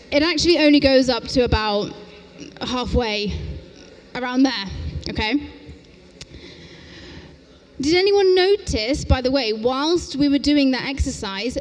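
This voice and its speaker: A woman teacher trainer leading an interactive workshop, talking briskly and upbeat and often checking in with "okay?", recorded in a large lecture hall. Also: high-pitched. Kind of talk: interactive conference workshop talk.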